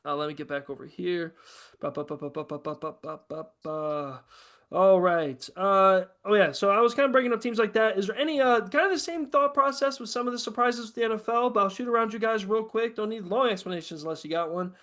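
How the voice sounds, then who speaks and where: A man hosting a casual podcast chat, talking in a profane, excitable, ranting way. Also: sits high, fast, few pauses. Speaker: host.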